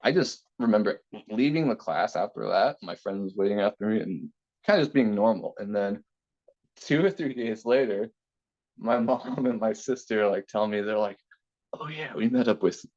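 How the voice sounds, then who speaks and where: A man's voice: fairly low pitch, moderate pace. A young man in an interview, telling a school story casually, with fillers and the odd laugh. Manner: animated anecdote with fillers and laughs. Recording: dull lo-fi audio.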